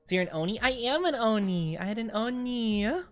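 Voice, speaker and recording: A woman's voice: fairly high pitch, animated, brisk, soft background music. A woman in her twenties chatting casually on stream, rambling and giggling often, and playing around with silly voices. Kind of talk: casual chat.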